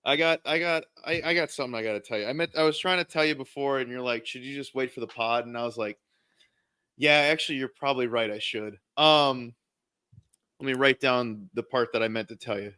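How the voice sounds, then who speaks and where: A man's voice: medium pitch, fairly quick, smooth. A man co-hosting a podcast, telling a story in a casual chat and laughing through it. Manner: laughs through his stories, excitable. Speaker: podcast co-host.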